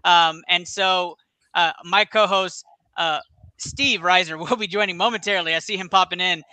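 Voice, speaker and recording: Excitable male podcast host, high bright voice, crisp and dry, studio mic. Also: moderate pace, no echo. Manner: excitable, laughing, lots of fillers. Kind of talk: casual sports podcast chat.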